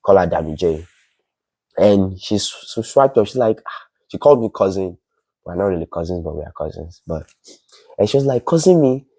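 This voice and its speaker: A young Nigerian man spins a story in a relaxed interview, laughing often and slipping into the voices of his friends. His voice is warm and mellow, recorded close and dry. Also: deep voice, moderate pace, long pauses, slightly rough, no echo. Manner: animated, laughs often, acts out quoted friends. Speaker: guest.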